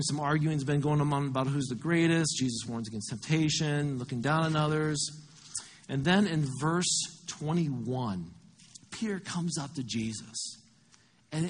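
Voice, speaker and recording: A man's voice: mid-range voice, slight background noise. A male pastor preaching a conversational sermon, walking his listeners through scripture and working out sums aloud.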